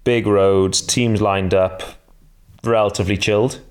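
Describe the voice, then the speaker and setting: A man's voice: lowish voice, steady tone, a little slow. A male podcast co-host giving enthusiastic opinions on cycling in a casual chat.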